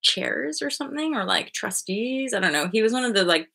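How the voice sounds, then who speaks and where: A woman hosting a spiritual livestream, chatting casually and rambling with her viewers, often jumping into high excited asides. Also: fairly quick, creaky. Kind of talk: casual chat with live viewers.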